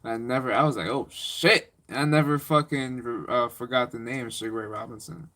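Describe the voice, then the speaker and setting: A man's voice: medium pitch, steady tone, brisk, bright, forceful tone. Rambling young man with slangy chat. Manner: rambling, slangy, laughing storyteller. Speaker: live streamer. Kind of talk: casual live-stream chat.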